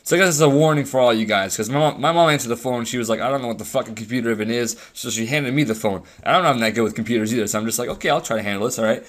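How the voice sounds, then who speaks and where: A man's voice: medium pitch, rapid-fire, hardly any pauses. A young man rambling through a profane, sarcastic story while commentating on his game. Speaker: gamer commentating over gameplay. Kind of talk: casual storytelling rant.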